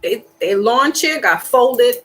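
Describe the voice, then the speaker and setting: Animated rambling woman streamer. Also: a little high, takes it slowly, poor audio. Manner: animated and rambling, with sighs and laughs; slangy and emphatic. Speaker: tarot reader and live stream host. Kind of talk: casual live stream chat.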